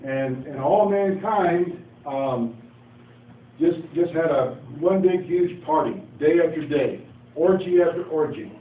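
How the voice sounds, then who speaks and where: A man with a high-leaning voice takes it slowly as he delivers a casual Bible lesson, telling the story folksily and voicing the characters' dialogue with asides. It was captured on a phone from a distance, sounding echoey with faint noise.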